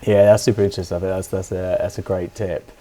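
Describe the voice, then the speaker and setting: A man's voice: sits low, flat delivery, fast, mellow, slight background noise. A man hosting a casual interview over a video call, upbeat and full of restarts and fillers. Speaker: podcast host.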